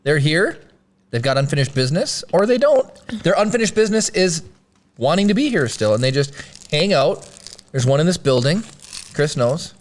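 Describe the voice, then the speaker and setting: A man's voice: fairly high pitch, moderate pace. A man co-hosting a podcast, joking around in casual chat and laughing often. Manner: animated, jokey, laughs often. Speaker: podcast co-host.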